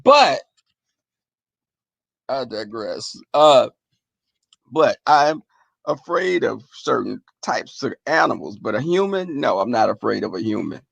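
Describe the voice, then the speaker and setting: This live stream host recounts stories to his chat casually and profanely, animated and often bursting into laughter. He speaks unhurriedly in a mid-range voice with vocal fry and frequent pauses, and there's no echo.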